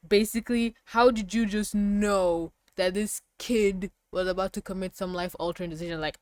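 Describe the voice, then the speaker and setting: A woman giving a casual review of a TV episode, rambling and excitable, with emphatic outbursts. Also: mid-range voice, moderate pace, dry recording.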